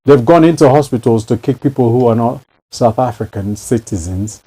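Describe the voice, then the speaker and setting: A man's voice: medium pitch, animated, moderate pace, dark tone, breathy edge, low-quality recording. A man in casual chat who talks emphatically and repeats phrases to drive a point home.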